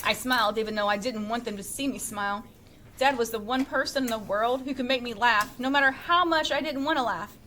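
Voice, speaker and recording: A woman teacher reading a novel aloud to her class with steady storytelling and chatty asides to the students. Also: fairly high pitch, a little fast, a little hiss or hum.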